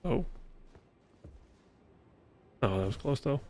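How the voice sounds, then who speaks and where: Speaking slowly in a warm, sing-song voice of medium pitch, this man live-streams a video game. He rambles through casual, mildly profane chatter with his audience as he plays.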